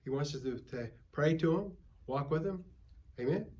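A man's voice: on the high side, animated, moderate pace, a little mellow. An older man preaching at a Bible study, a folksy pastor who tells stories and calls for amens from the group. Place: church.

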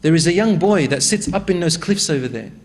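A village shepherd explains calmly and plainly what he has seen. A male preacher voices him inside a story. The voice stays high and unfussy. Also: fairly quick, long reverb tail, natural voice. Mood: matter-of-fact.

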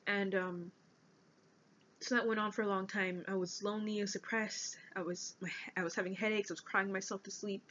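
An eighteen-year-old woman vlogging about her own life, speaking earnestly and haltingly as she reads from notes. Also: medium pitch, little pitch movement, a bit bright, slight background noise. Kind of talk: personal confessional vlog. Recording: dull lo-fi recording.

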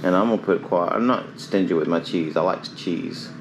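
Chatty low-voiced man cooking at home. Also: normal speed, heavy background noise. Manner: chatty, rambling, self-talk while cooking. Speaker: cooking ASMR host. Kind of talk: casual cooking chat.

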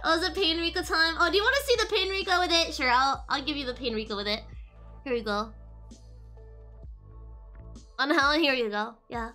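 Young woman streamer, high lively bright voice, giggly and bubbly, soft music underneath. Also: fairly quick, long pauses. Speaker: VTuber streamer. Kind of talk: casual live-stream chat with viewers.

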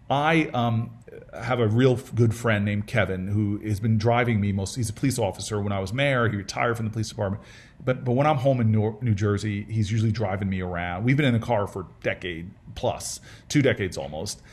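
A man's voice: mid-range voice, darkish tone. A middle-aged man telling a personal story in a casual fireside chat, earnest and humorous, with frequent restarts and repeated words. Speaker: senator speaking as guest in a fireside chat.

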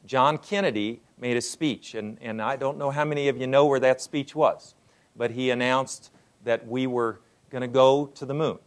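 A man, older, giving a lecture to an audience as a university president, unhurried and full of "uh" fillers. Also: medium pitch.

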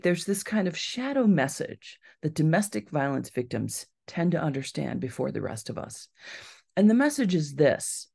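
Gravelly woman telling a true story. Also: sits low. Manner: animated storyteller, acts out quoted voices. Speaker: author giving a library talk. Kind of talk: storytelling lecture.

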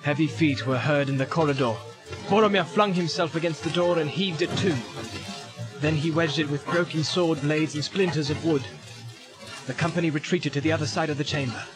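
A man's voice: on the high side, brisk. Man narrating an audiobook over music. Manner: steady, dramatic storytelling. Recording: loud music under the voice.

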